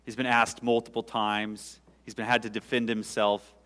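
A male pastor preaching a sermon, swelling loud and high for emphasis, then dropping to quiet, intimate asides. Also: level tone, moderate pace. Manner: dynamic preaching, sudden rises in pitch and volume, dropping to quiet asides. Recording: long hall reverb.

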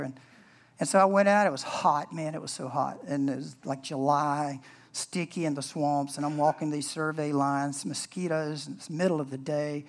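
A man's voice: fairly high pitch, fairly even intonation, normal speed, vocal fry. A man preaching a sermon as pastor in an earnest, conversational way.

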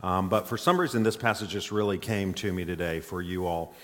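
A man with a faint Southern accent preaching as a guest, easygoing and chatty with lots of "uh" fillers. His voice sits a little low. It carries a long echo around the church hall. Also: a little fast. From Mississippi. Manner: folksy, chatty, with frequent "uh" fillers. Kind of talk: sermon. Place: church sanctuary.

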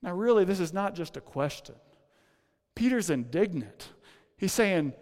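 A male pastor preaches with a notably high voice. He talks in a casual, joking tone and drops low and quiet to stress a point. His words ring out with long reverb, as in a large hall. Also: animated, measured pace, long pauses. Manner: conversational, humorous asides, drops low and soft for emphasis. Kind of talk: sermon.

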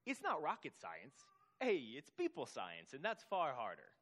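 A man voicing a gruff veteran construction worker with a New York Italian accent, delivering punchy, folksy sayings. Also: a little high, huge pitch swings, moderate pace, a bit bright, pitched above the performer's own voice, heavily acted.

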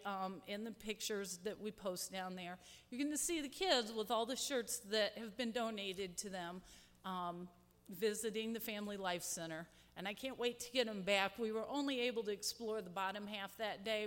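A woman's voice: mid-range voice, fairly bright tone. A woman speaking to a church congregation, heartfelt and rambling, with many fillers. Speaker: church ministry volunteer. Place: large church hall. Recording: long hall reverb, from a distance.

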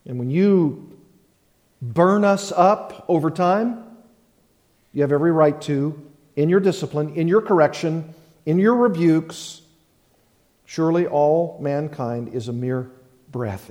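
A man preaching a sermon as pastor, slow and emphatic, repeating key phrases. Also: on the high side, lively intonation, mellow, in a large hall.

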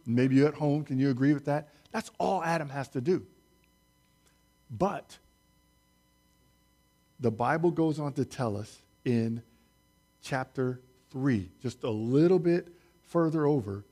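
A man preaching a sermon, speaking slowly and deliberately, stressing key words and putting questions to his listeners. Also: mid-range voice, dark tone.

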